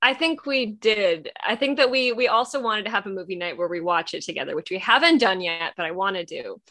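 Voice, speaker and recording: Woman podcast host, casual, eager, quick asides. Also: mid-range voice, expressive, pushed and bright.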